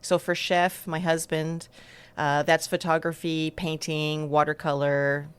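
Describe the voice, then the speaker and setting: A woman's voice: sits low, little pitch movement, a little slow, smooth. A woman who grew up in the United States and France, a bakery co-owner, answering interview questions in a friendly, explanatory way.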